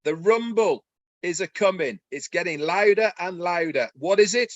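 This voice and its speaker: A man co-hosting a webinar, talking excitedly in a folksy way and asking rhetorical questions. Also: sits high, normal speed, dry recording, muffled recording. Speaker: webinar co-host. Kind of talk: enthusiastic promotional webinar talk.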